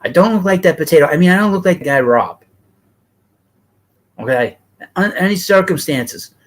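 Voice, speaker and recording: A man's voice: high-pitched, normal speed, low-quality recording. A middle-aged man with a thick New York accent, hosting a baseball livestream and talking bluntly and ramblingly to his chat.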